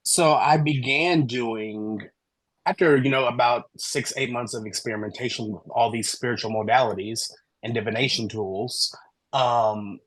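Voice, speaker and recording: A man guest on a podcast interview, telling his story in an animated way and acting out the dialogue he quotes. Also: mid-range voice, moderate pace, no echo, rough recording. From American Midwest. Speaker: guest, human design reader.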